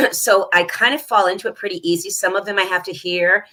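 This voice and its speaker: A woman's voice: mid-range voice, brisk, pushed and bright. A woman, an actress guest on a video call, chatting in a rambling way with many fillers. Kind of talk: casual chat.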